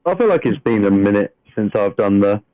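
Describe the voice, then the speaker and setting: A man's voice: lowish voice, big pitch swings, clean tone, no echo. A man reading a fantasy game recap aloud and joking casually between readings. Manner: jokey, swears casually, reads narration slowly. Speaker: player reading the session recap. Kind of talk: casual chat and read-aloud fantasy narration. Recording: dull lo-fi dry sound.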